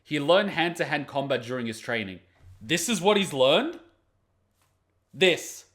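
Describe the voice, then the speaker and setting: A man's voice: fairly high pitch, very animated, a little slow, fairly bright tone. A man hosting an anime reaction video, giving blunt, profane, mocking commentary on the fight.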